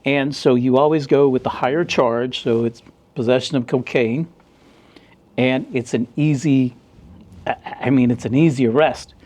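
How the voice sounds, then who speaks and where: Animated storytelling ex-cop, mellow voice. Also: male voice, mid-range voice, normal speed. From United States. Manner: animated storyteller, acts out dialogue in a raised voice. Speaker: former police officer. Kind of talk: casual storytelling interview.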